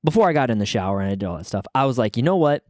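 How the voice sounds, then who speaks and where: A man's voice: fairly low pitch, lively intonation, very fast, darkish tone, no room sound, clean studio sound. A young man hosting his own casual podcast, rambling and joking at himself, a little out of breath after the gym. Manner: rambling, self-deprecating, restarts mid-sentence. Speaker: podcast host. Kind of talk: casual solo podcast talk.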